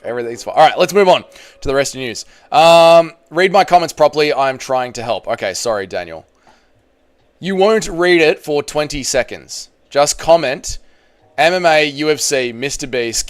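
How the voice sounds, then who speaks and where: Chatty Australian man, lively pitch. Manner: chatty, rambling, slangy, jokey. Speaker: MMA channel livestream host. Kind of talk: casual livestream chat, reading viewer comments.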